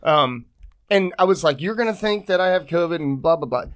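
Profane nasal-voiced podcast host. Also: male voice, on the high side, fairly quick, smooth. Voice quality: nasal, whiny voice. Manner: profane, animated storytelling. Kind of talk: casual chat.

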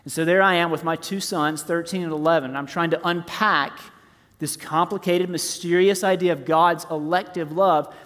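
A man in his forties preaching a sermon, rising to loud emphasis and dropping to hushed, near-whispered softness. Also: fairly high pitch, steady tone, normal speed. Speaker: pastor. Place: church sanctuary. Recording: long reverb of a large hall.

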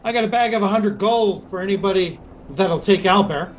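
A man voicing a brisk female ship officer who speaks crisply and with command, relishing the challenge. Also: sits high, close to an everyday voice. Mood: challenging.

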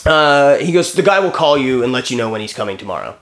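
A man's voice: medium pitch, big pitch swings, quick pace, fairly bright tone. A man in his thirties telling a story in casual chat, acting out phone calls and swearing freely. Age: 30s.

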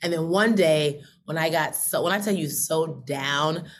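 A woman telling a personal story as an interview guest, animated, laughing often and acting out her past thoughts in quick voices. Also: sits low, a little hiss or hum.

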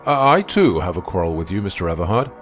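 A man reading aloud, voicing a fervent, idealistic older bishop who protests warmly and insistently in an audiobook. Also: deep voice, sing-song, fast, over music. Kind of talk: audiobook character voice.

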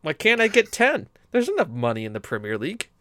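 A young man co-hosting a gaming podcast, telling stories in a casual, animated, rambling way with many restarts. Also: a little high, a little fast, no room sound, studio quality. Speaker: podcast co-host. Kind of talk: casual storytelling chat.

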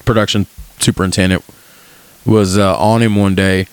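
Podcast co-host, male, 30s, lowish voice, rambling and joking delivery. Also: steady tone, normal speed, clean tone, no echo. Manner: joking, rambling, does voices in his stories. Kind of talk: casual podcast chat.

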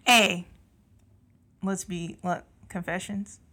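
A woman from California co-hosting a podcast in casual chat, with a Southern country twang that slips into her speech; lively, profane and quick to laugh. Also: mid-range voice, slightly rough. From San Jose, California. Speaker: podcast co-host.

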